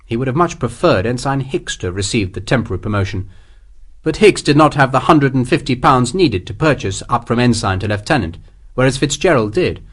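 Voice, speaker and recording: A male audiobook narrator reading a historical tale in a measured storytelling voice. His pitch ranges widely and lends the prose lively shape, with a steady, practised delivery. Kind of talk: scripted narration.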